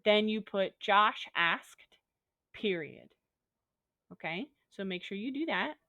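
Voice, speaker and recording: Woman teacher, upbeat and goofy, patient step-by-step explainer, average pitch, dry close recording. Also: expressive, takes it slowly, pushed and bright, no echo, lo-fi sound. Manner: upbeat, goofy, talks through examples step by step. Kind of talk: recorded online lesson.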